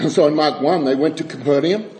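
A man preaching a sermon and reading scripture aloud, with frequent halting restarts and wry, chuckling asides. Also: a little high, darkish tone, slight background noise, rough recording.

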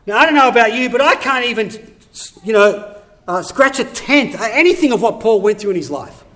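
A man's voice: very high voice, animated, fairly quick, sharp tone. A man preaching a sermon in an earnest, conversational way that builds to emphatic urgency. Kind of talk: sermon with scripture reading.

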